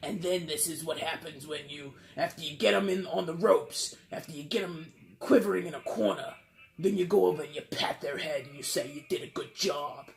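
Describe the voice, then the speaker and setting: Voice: medium pitch, normal speed, vocal fry, natural voice, low-quality recording. A tarot reader voicing a ruthless boss with an exaggerated New York accent, brash and bullying as the boss teaches how to crush people. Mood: domineering. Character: ruthless hard-nosed boss teaching cruelty.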